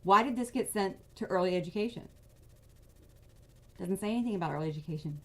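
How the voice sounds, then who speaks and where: A woman giving angry, casual political commentary, venting in rapid bursts of outrage. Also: medium pitch, lively intonation, darkish tone. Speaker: political advocacy vlogger.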